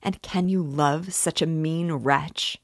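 A woman reading aloud the lines of an anguished young man confessing a crime, slow and earnest, rising to despairing cries. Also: deep voice, no room sound, clean studio sound. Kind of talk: audiobook reading.

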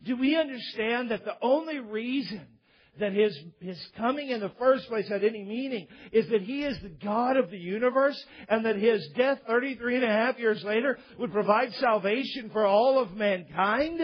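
A man preaches with a high, husky voice, leaning into his points with growing emphasis. The recording is muffled and lo-fi, like a church sermon tape. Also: normal speed. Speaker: pastor.

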